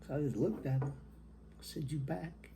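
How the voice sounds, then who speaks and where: A middle-aged man telling a personal story as a motivational speaker, slow and reflective with long pauses. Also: medium pitch, background noise.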